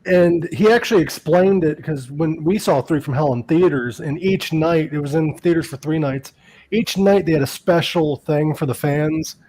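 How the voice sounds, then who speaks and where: A man's voice: on the high side, moderate pace, darkish tone, rough recording. A man hosting a podcast in a casual chat, laughing often and swearing loosely while reading fan questions. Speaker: podcast host.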